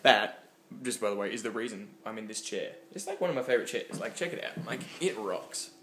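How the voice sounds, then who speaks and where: A young man, chatting excitedly and rambling in a home vlog, full of ums and likes. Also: fairly low pitch, brisk. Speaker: vlogger. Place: home kitchen. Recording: echoey room with faint background noise.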